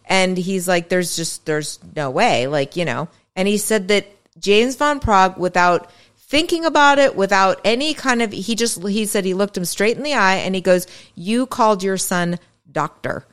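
Telling a story on the podcast she co-hosts, a woman acts out the quotes of the people involved, animated in the middle of casual chat. She speaks at a normal speed with a medium pitch.

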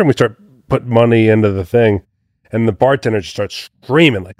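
A man tells a story in casual podcast chat, lively when he acts out quotes. His voice sits in an ordinary middle register. It is recorded close and dry. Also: medium pitch, brisk, no echo. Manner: chatty storyteller, animated when acting out quotes.

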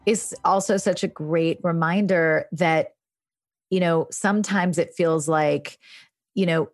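Low-voiced woman host, close and dry. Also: fairly even intonation, takes it slowly, dry recording, soft background music. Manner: affirming, thoughtful. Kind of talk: casual podcast chat.

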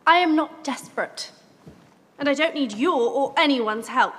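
A woman's voice: high voice, a bit bright. An actress playing a defiant, headstrong young woman detective who answers back indignantly, from a film clip. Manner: indignant, quick retorts. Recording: film clip with roomy echo, faint noise.

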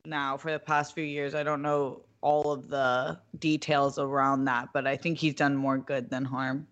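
A young co-host in casual podcast chat, telling quick stories about family. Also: mid-range voice, little pitch movement, a bit bright, lo-fi sound. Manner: chatty, tells quick stories.

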